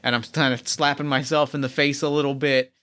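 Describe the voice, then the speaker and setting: An eager man describes his character's wild actions in a tabletop game, often stumbling over repeated words. His voice is bright and smooth. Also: mid-range voice, level tone, brisk. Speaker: player.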